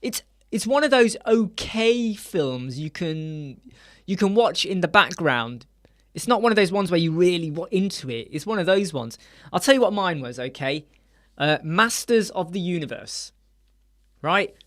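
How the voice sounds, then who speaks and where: Animated man hosting a live chat. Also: high voice, measured pace. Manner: animated, acts out quoted voices. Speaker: live stream host. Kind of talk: casual live stream chat. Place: small dark room with soundproof panels.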